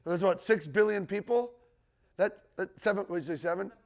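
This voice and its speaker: A man with a high voice speaks briskly, teaching the Bible's end times to a live group in a teaching room. He keeps it conversational, checks in with his listeners, and quotes scripture with rising emphasis.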